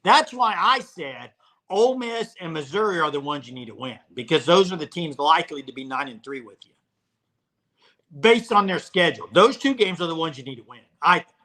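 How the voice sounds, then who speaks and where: Bright-voiced man hosting a sports stream. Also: a little high, brisk. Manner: relaxed, conversational, addresses live chat. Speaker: host. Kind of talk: casual sports talk on a live stream.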